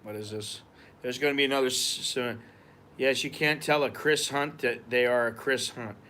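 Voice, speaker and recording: A man's voice: medium pitch, fairly even intonation, normal speed, noisy background. A man from the United States telling a story and ranting on a live stream, heated and profane. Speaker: vlogger. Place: outdoors at a market.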